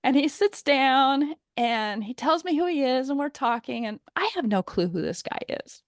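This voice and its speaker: Brief: high, bright woman, lively laughing storyteller, dry close sound on a call. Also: moderate pace, dry recording. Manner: animated storyteller, laughs often. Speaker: guest, courage coach. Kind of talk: telling a funny story on a video call. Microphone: video call.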